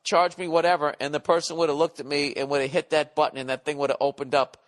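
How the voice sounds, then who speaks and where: A man's voice: on the high side, fairly even intonation, fast talker, big-room sound. A man hosting a podcast, telling a comic story in a profane rant and acting out his own outbursts. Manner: ranting, swears constantly, acts out his own outbursts. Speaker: podcast host. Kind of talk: profane comedic storytelling monologue.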